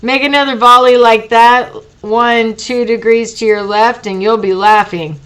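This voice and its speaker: A woman voicing a stoned, rambling female jet pilot with a slow, ponderous drawl in an audiobook reading. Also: a little high, steady tone, a bit bright, low-quality recording. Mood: slurring, rambling.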